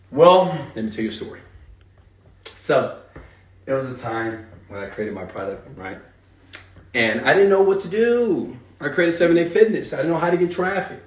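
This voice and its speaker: Animated hype-driven male seminar speaker. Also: mid-range voice, normal speed, roomy sound, far from the mic. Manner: animated, hype-driven, addresses audience directly. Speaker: speaker teaching an online marketing seminar. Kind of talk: live seminar talk.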